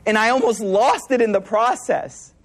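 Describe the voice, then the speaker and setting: With a voice that sits high and a moderate pace, this Islamic preacher addresses a live crowd. He tells stories with animation, laughs as he goes, and leans on casual slang and repeated words.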